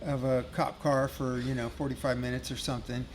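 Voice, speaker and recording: A man's voice: medium pitch, level tone, brisk, a little hiss or hum. A middle-aged man telling a rambling, profane touring story as a guest musician, laughing at his own tale. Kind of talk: casual storytelling.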